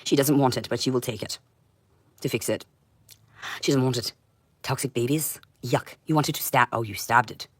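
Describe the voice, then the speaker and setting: A woman delivering a rambling livestream monologue in an intense, confrontational way, swinging between loud outbursts and low muttering. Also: moderate pace, pauses often, husky, no room sound.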